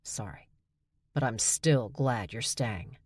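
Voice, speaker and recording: A woman reading an audiobook, voicing a confused, earnest male shifter who is in love, speaking slowly and hesitantly in a lower, softer voice. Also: animated, breathy edge, no echo, heavily acted. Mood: earnest, flustered.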